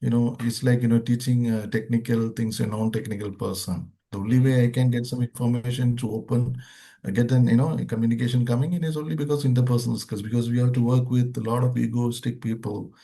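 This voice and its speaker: A man's voice: medium pitch, little pitch movement, quick pace, gravelly, mellow. Rambling man. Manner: rambling, with frequent restarts and "you know", "see, imagine". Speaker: behavioral trainer, formerly in IT and airlines. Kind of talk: interview conversation.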